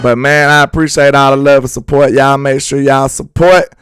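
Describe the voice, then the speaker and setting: A young man hosting a sports talk show, talking fast and slangy while firing up fellow fans with confidence. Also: medium pitch, steady tone, fairly bright tone, faint music behind. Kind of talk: fired-up sports fan talk.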